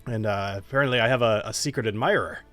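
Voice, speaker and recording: A man's voice: lowish voice, fast talker, fairly bright tone, faint music behind, lightly acted. A man voicing a friendly male sky captain who is trying to keep up appearances. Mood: casual.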